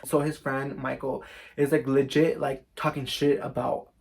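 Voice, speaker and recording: Gravelly man telling a storytime. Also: mid-range voice, flat delivery, measured pace, a little mellow. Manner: chatty, profane, says "like" constantly. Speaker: vlogger. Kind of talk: casual storytime monologue.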